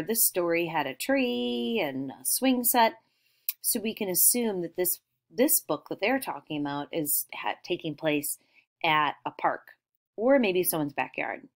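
A woman teacher leads young children through retelling a familiar story. She speaks slowly and warmly, prompting them with questions and praising their answers. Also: lowish voice. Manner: slow, encouraging questions.

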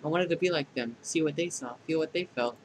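A man's voice: brisk, background noise, lightly acted. A man voicing a condescending, clingy female AI program in a fan dub of a dating game, with mocking, clinical put-downs. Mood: confiding. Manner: deadpan scolding that tips into shrill outbursts.

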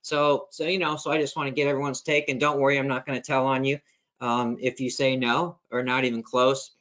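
A man's voice: mid-range voice, level tone, fairly quick, fairly bright tone. Chatty man hosting a webinar. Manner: chatty, self-deprecating, filler-heavy. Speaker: webinar host. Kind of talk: webinar presentation. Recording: lo-fi online call audio.

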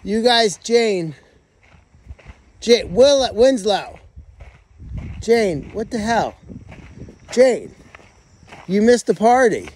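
A man's voice: sits high, lively intonation, extremely slow, pauses often. A middle-aged man on a casual livestream, chatting to rescue pigs and calling their names outdoors on a farm. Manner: chatty, talks to pigs, calls names loudly. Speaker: animal sanctuary caretaker.

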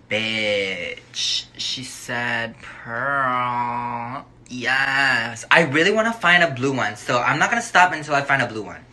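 A man's voice: mid-range voice, animated, slow, sharp tone. A young man vlogging casually, sassy and profane, with dramatic shrieks and gasps. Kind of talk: casual vlog chat.

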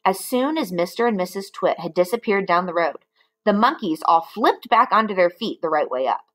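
A woman reading a children's book aloud, expressive and with chatty asides to her listeners. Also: lowish voice, moderate pace. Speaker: storybook reader.

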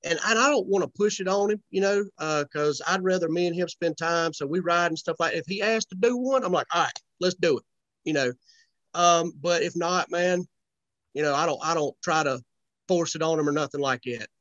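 Folksy young man, high voice. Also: brisk, fairly bright tone, no room sound, highs cut off. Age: young adult. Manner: laid-back, folksy, joking. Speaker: comedian guest. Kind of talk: casual podcast chat.

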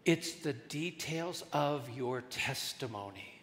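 A man's voice: medium pitch, slow. A man preaching a sermon as pastor, telling stories and acting out voices in his jokes. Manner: animated storytelling, acts out voices in jokes. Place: large church hall. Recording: reverberant church hall.

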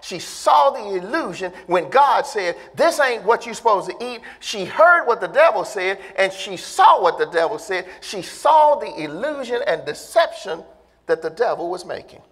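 A pastor preaching a sermon, speaking emphatically and drawing in the congregation with questions. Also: male voice, high voice, sing-song, moderate pace, a bit bright. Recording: long reverb of a church hall.

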